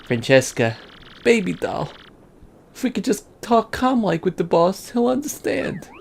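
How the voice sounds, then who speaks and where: A woman's voice: medium pitch, sing-song, measured pace, gravelly, darkish tone, slight background noise, voice pushed up. Woman doing a timid sweet-talking young gangster. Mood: pleading.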